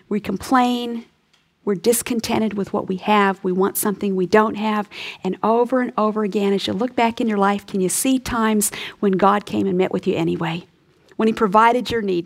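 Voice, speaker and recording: A woman Bible teacher giving an earnest radio lesson, often dropping to a soft, breathy hush for emphasis, and closing in prayer. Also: medium pitch.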